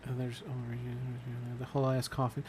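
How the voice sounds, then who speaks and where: A man's voice: mid-range voice, monotone, a little fast, breathy edge. A man co-hosting a podcast, giving dry reactions and crude jokes. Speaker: podcast co-host. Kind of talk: casual profane chat.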